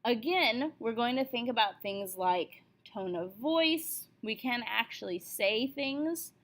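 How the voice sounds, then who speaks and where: A woman with a fairly high voice gives a writing lesson. She explains things patiently, step by step, with the odd "uh", and now and then reads a short example passage aloud. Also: expressive, slow pace, a bit bright. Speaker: writing teacher.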